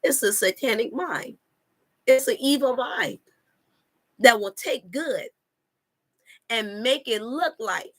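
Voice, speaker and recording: A woman speaks to her online viewers in a fairly high, bright voice. She preaches with emphatic repetition and scripture references, addressing the audience as "you all.". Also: unhurried. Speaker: wellness coach and channel host. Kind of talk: live-stream preaching talk.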